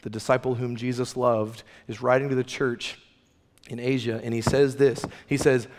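A man's voice: medium pitch, flat delivery, normal speed, darkish tone, long reverb tail, a little hiss or hum. A man preaching a sermon, earnest and conversational, asking the listeners question after question. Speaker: pastor.

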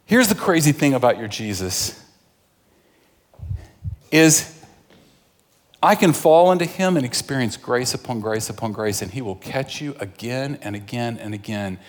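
A male pastor preaching a sermon, swinging between fervent outbursts and hushed, intimate pleas. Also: mid-range voice, normal speed, pauses often. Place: church sanctuary. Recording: long reverb of a large hall.

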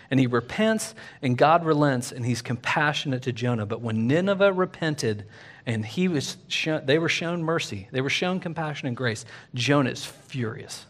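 A man preaching a sermon as pastor at a church service, with animated, rising emphasis. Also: on the high side.

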